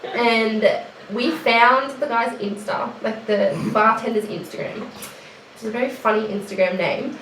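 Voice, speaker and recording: A woman, telling a story in casual podcast chat, lively and laughing. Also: fairly high pitch. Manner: lively, laughing, quick reactions. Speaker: podcast guest. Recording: echoey room, far from mic, faint noise.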